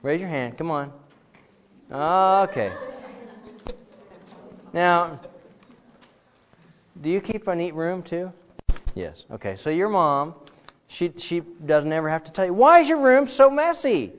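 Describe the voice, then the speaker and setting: Middle-aged man, Bible class teacher, casual and animated, dull lo-fi sound, long reverb. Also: fairly high pitch, slow pace, long pauses, slight background noise. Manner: casual, animated, acts out quoted dialogue.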